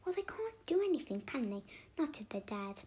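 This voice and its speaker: A woman voicing a bold, clever young schoolgirl in a whispered role-play, close to her own hushed voice. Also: high-pitched, very animated, normal speed, slight background noise, voice pushed up. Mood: teasing. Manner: hushed, matter-of-fact whisper.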